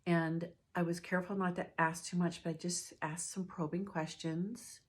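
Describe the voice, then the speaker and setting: Low-voiced woman telling a personal story. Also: level tone. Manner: reflective, halting with fillers and restarts. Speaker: hospice nurse.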